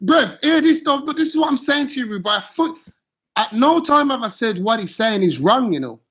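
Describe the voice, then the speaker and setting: A high-voiced man rants with passion, dropping into patois as he builds his case. The recording is muffled and lo-fi. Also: very animated, brisk, fairly bright tone, husky. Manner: passionate, ranting, slips into patois. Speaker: show host. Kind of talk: heated opinion chat. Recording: dull lo-fi sound.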